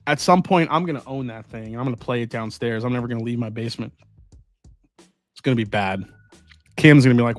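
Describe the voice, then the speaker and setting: A man's voice: medium pitch, moderate pace, long pauses, dry recording, soft background music. A man hosting a live stream, chatting casually and rambling while tasting and answering viewer comments. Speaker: host.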